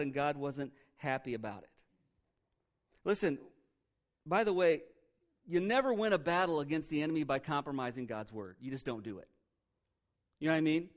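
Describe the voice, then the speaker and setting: A pastor teaching through a Bible passage in a conversational sermon, joking and animated with sarcastic asides. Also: male voice, a little high, normal speed, pauses often.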